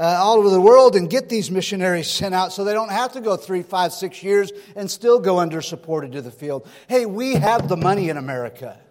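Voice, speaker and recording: A man from California preaches to a church crowd, his voice sitting high and carrying a long hall echo. He moves between homely stories and pointed rhetorical questions. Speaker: pastor. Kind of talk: sermon.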